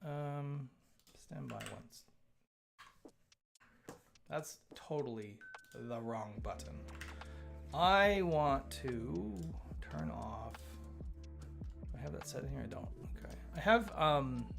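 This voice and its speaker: A man's voice: mid-range voice, lively intonation, slow, creaky, long pauses, fairly bright tone. A man hosting a live coding stream, chatting casually and thinking aloud, often stammering and repeating words. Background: faint chill background music.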